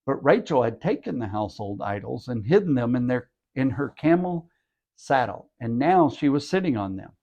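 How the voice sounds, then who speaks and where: A man's voice: medium pitch, very animated, moderate pace, a little mellow, lo-fi sound. A man who hosts a podcast, reading a scripture passage aloud and breaking in with wry jokes. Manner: wry, joking asides. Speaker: scripture reader and podcast host. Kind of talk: bible reading with asides.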